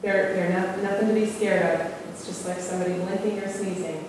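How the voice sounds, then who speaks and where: A woman giving an informal talk to a group. Her delivery is candid and conversational, full of small fillers. She was recorded in a big echoing hall from a distance, with steady room noise behind her. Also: medium pitch, fairly quick. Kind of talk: informal presentation to an audience. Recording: echoey hall, far from mic, room noise.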